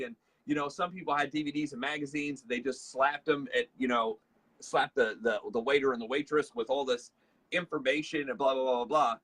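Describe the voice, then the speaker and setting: A chatty man hosts a casual leadership talk. His voice is bright and a little husky. He tells stories loosely, full of fillers, and acts out the lines of the people in them. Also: mid-range voice, a little fast. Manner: chatty storyteller, acts out dialogue, many fillers. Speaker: host.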